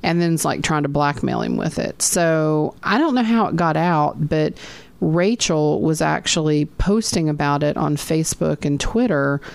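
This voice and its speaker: A woman's voice: deep voice, big pitch swings, a little slow, creaky, clear, resonant tone, no room sound. A young woman chatting casually as a podcast co-host, recapping scenes and quoting the people in them. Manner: chatty, retells scenes with quoted voices. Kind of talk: casual chat recapping a reality show.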